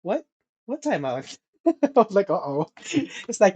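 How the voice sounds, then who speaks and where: Young man, podcast co-host, animated storyteller, laughs and swears a lot. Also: high-pitched, unhurried, slightly rough, lo-fi sound. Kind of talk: casual storytelling chat.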